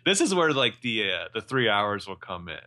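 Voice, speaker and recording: Male co-host, lowish but bright tone, chatty recap style with asides. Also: big pitch swings. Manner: chatty, laughs often, quick asides. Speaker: podcast co-host. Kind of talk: casual TV recap chat.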